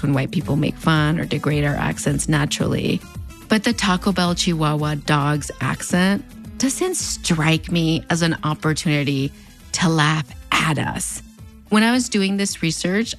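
A woman with a fronterizo border accent narrates a scripted video essay, her voice on the lower side for a woman. She keeps things wry and conversational, slipping in playful sarcastic asides. Faint music plays quietly underneath. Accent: fronterizo Mexican border Spanish-influenced English.

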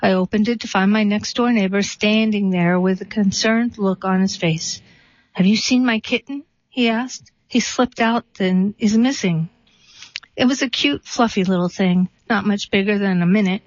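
A woman reads aloud in a calm, even storytelling voice at a middling pitch. The sound is close and dry with no room echo. It is also a little dull and muffled, lacking top end. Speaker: reader. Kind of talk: reading a story and a poem aloud.

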